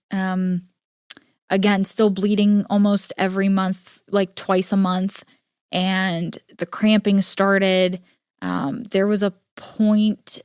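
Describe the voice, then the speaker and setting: A young adult woman hosting a podcast, telling a personal story in an earnest, halting way with many filler words. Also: mid-range voice, clear, resonant tone, dry recording, studio quality. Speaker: podcast host. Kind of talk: personal storytelling, casual monologue.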